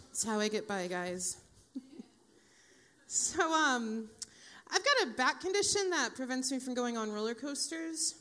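A woman's voice: fairly high pitch, a bit bright. A woman in her forties doing a stand-up comedy set, with dry, profane, self-mocking asides to the audience.

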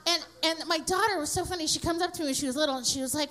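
A middle-aged woman performing stand-up in a high, bright register. She talks brashly and profanely, with a deadpan edge when she works the crowd. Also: rapid-fire, few pauses. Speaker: stand-up comedian. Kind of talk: stand-up comedy set.

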